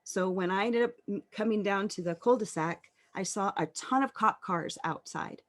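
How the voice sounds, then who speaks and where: A podcast guest in her thirties describes her personal experiences with earnest reflection and hesitant pauses. Her voice is mid-range and has a fairly bright tone.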